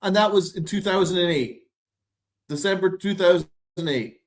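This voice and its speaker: Man, slightly higher voice, sarcastic ranting podcast host, exasperated and profane. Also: moderate pace. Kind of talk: ranting sports commentary.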